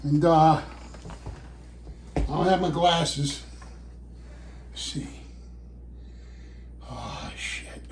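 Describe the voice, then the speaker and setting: A man's voice: on the high side, lively intonation, drawn-out words, pauses often, slight background noise. A man rambling and swearing to himself while cooking in his home kitchen, a little out of breath. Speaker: vlogger. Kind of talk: casual cooking vlog.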